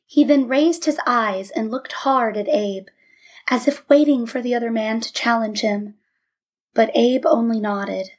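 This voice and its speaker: A woman reading a story aloud in a measured, steady narration. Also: fairly high pitch. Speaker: audiobook narrator.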